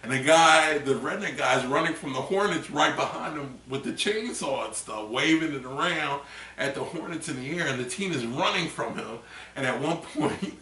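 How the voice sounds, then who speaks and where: A man chatting casually on a vlog, rambling through a story with bursts of loud acted screams after a few drinks. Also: a little high, animated, moderate pace. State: tipsy from drinking. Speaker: vlogger. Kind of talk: casual chat. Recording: echoey room, mic at a distance.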